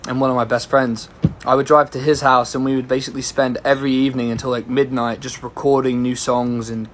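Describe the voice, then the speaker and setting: Young male singer-songwriter, casual and rambling, mid-pitched, phone livestream chat. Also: a bit bright, a little hiss or hum. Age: young adult. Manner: rambling and easygoing, greeting viewers by name. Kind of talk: casual livestream chat answering viewer questions.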